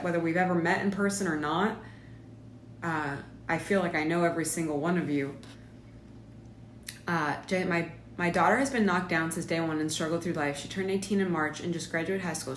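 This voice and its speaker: A woman's voice: on the low side, normal speed. Chatty woman in an echoey room. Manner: chatty, reads viewer comments aloud. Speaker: live stream host. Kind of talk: casual live stream chat. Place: home. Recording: echoey room with faint background noise.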